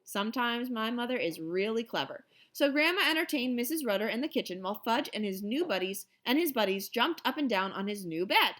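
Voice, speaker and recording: A woman reading a children's novel aloud in an expressive storytelling manner. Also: fairly high pitch, brisk, few pauses. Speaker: reader.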